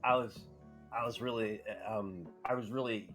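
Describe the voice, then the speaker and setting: A man co-hosting a casual gaming podcast, talking in a loose, profane, rambling way, often laughing and slipping into quick voices for his stories. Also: on the low side, fairly bright tone, soft background music. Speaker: podcast co-host.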